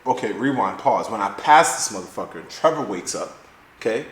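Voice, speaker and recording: A young man hosting a podcast, telling a story in a profane, animated way and acting out the quotes. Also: on the low side, normal speed. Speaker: podcast host. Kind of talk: casual storytelling chat. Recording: echoey room.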